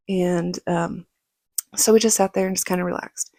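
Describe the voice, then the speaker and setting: A woman vlogger telling a personal story casually, acting out quoted lines in a higher, louder voice. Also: fairly even intonation, normal speed, no room sound, clean studio sound. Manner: casual, many fillers like "like".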